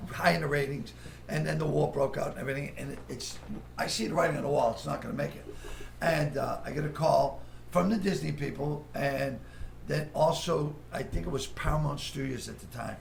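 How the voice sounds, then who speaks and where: A man with a Boston accent telling raunchy show-business stories in casual chat, acting out other people's lines loudly and with plenty of profanity. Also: a little high, gravelly, slight background noise. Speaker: comedian guest telling stories. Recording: echoey room with faint ambience.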